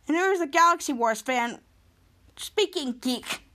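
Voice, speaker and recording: A woman's voice: high voice, lively intonation, a little slow, pushed and bright. A woman podcast host casually retelling a TV episode, rambling with restarts.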